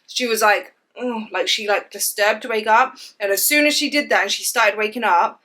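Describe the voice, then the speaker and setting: A woman, telling a story to camera in a casual vlog and acting out the sounds and what people said. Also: medium pitch. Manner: fast animated storytelling, acts out sounds and quotes. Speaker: vlogger.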